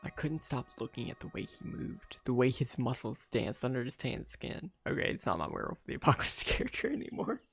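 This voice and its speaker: A man streaming a game, reading its story aloud with quick asides of his own. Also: mid-range voice, sing-song, gravelly, a bit bright, breathy edge, soft background music. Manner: narrates steadily, breaks off with quick asides. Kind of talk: reading a visual novel aloud with commentary.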